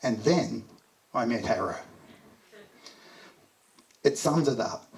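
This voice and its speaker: A man's voice: mid-range voice, expressive, slow. A middle-aged Australian man giving a heartfelt memorial speech, telling fond stories and chuckling as he goes. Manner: heartfelt storytelling, chuckles through anecdotes. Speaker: eulogy speaker. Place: memorial gathering. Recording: voice distant from the mic.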